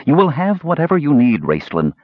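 A formal, composed woman counselor from a fantasy audiobook, voiced by a male narrator. She sounds slightly husky and dull, in a dry, close reading with lively shifts in pitch. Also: brisk, no room sound.

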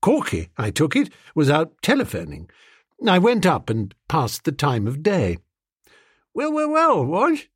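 Animated husky male storyteller. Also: fairly high pitch, measured pace, dry recording, clean studio sound. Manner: animated, comic, playful. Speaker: audiobook narrator. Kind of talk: scripted narration.

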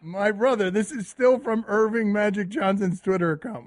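A man hosting a sports radio show, excitable and mocking, often laughing as he talks. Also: sits high, moderate pace, hardly any pauses.

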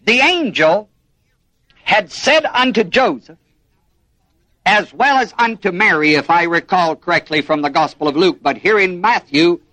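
A man's voice: high voice, lively intonation, a little slow, pushed and bright, no room sound, rough recording. A man preaching a sermon, emphatic, repeating and stressing key words and prompting his listeners to finish his sentences. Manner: emphatic, prompts the congregation with "what?".

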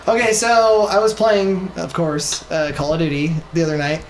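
A man's voice: fairly high pitch, level tone, normal speed. A man hosting a podcast, telling a story in casual chat and laughing often as he talks. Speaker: podcast host. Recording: roomy echo, faint noise.

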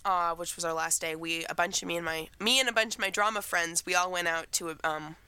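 A woman's voice: on the low side, steady tone, fairly quick, pushed and bright, clear, resonant tone, no room sound. A teenage girl co-hosting a podcast, chatting in a rambling way about her week while getting over a cold. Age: teens. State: recovering from a cold. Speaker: podcast co-host. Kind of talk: casual chat.

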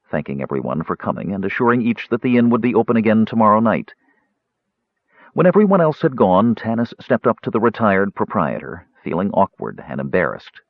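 A man reading a fantasy audiobook with an expressive, varied delivery. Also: fairly low pitch, no echo. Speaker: audiobook narrator. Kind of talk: scripted fantasy narration. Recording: slightly dull audiobook recording.

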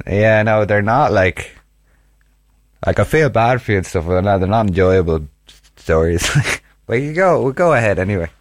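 A man co-hosting a podcast in casual chat, talking haltingly with many restarts and teasing his partner. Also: fairly low pitch, expressive. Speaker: podcast co-host.

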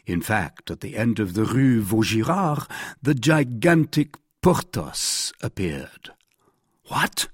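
Expressive male audiobook narrator, husky. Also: lowish voice, takes it slowly, no echo, studio quality. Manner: storytelling, expressive. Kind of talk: scripted narration.

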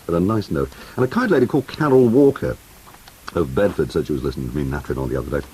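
A man's voice: very deep voice, expressive, rapid-fire, darkish tone, a little hiss or hum, rough recording. A man hosting an early-morning radio show, chatting with whimsical, teasing asides between records. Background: music playing under the voice.

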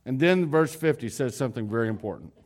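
A man preaching a sermon, retelling a story in a conversational way with fillers and restarts, moving between loud emphasis and quiet low lines. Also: lively intonation, fast talker.

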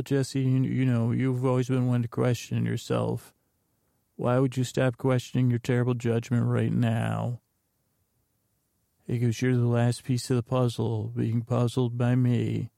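A man's voice: medium pitch, creaky, mellow, dry recording, studio quality. A man hosting a podcast, casually retelling a TV episode in a rambling, jokey way with loose quoted voices. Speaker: podcast host. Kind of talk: casual comedic episode recap.

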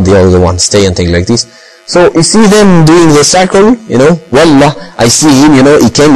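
A man for whom English is a tells a story in a loose, rambling way, full of fillers and phrases. His voice sits in a middle pitch. A steady mains hum runs under the recording. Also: poor audio. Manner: rambling, heavy use of fillers and Arabic phrases. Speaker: speaker recounting experiences. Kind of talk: casual talk in English.

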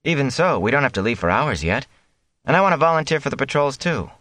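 Guy doing a worried young farm boy, earnest, higher than his own voice, dry. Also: sing-song, quick pace, a bit bright, no room sound. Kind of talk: audiobook character voice.

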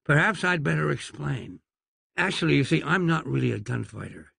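A flustered, earnest young man trying to explain himself, as a male storybook reader plays him. The voice is gravelly and sits close in a dry recording. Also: on the high side, expressive, moderate pace, fairly bright tone, no room sound, full character voice.

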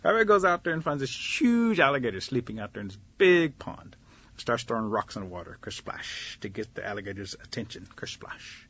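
A man telling a folktale aloud as a radio host and storyteller, animated and chuckling at his own tale. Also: medium pitch, fairly quick, breathy edge. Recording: dull lo-fi radio recording.

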